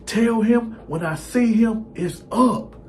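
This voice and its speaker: A man voicing a furious pregnant young girlfriend with a shrill, accusing voice. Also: slow, warm tone, slight background noise. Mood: threatening. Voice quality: shrill, high-pitched. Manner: accusing, confrontational.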